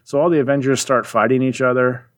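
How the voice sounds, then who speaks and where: Man casually recapping a comic. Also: medium pitch. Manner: rambling, animated retelling with quick voices for characters. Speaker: podcast co-host recapping a comic. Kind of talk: casual chat.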